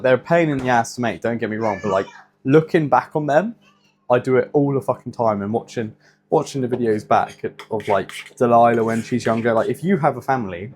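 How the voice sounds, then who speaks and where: A man's voice: medium pitch, a little hiss or hum. A young man in casual vlog chat, rambling with many fillers and swearing, a fitness vlogger.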